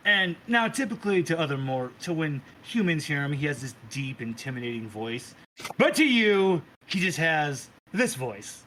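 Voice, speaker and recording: A man narrating a tabletop role-playing game as game master, animated and laughing. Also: on the high side, moderate pace, a little hiss or hum, poor audio.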